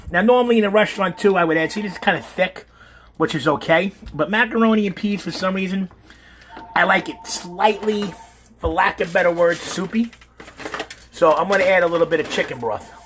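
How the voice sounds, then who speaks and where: A brash, swearing middle-aged man, chatting to his viewers while he cooks at home. His voice sits high for a man. A faint hum of the kitchen hangs behind him. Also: fairly bright tone. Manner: brash, profane, talks straight to viewers. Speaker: home cook. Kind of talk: casual cooking livestream chat.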